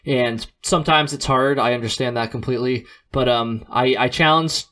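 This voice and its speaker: A male podcast host asking casual questions. He rambles a little and laughs at his own fumbles. His delivery stays relaxed and conversational. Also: medium pitch, moderate pace. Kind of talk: casual interview.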